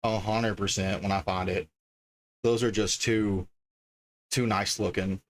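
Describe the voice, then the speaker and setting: Casual male streamer, slightly low voice, chatty and easily delighted. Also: steady tone, unhurried, a little hiss or hum. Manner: chatty, reading card names aloud, easily delighted. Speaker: streamer opening card packs. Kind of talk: casual livestream chat.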